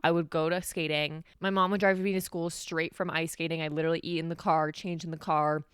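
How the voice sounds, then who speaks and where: A woman's voice: low-pitched, level tone, fairly quick, clean tone, no echo, clean studio sound. A young woman from New Mexico hosting a solo podcast, telling a personal story in a candid, conversational way with many "like"s. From New Mexico, USA. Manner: candid, conversational, heavy use of "like". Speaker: podcast host.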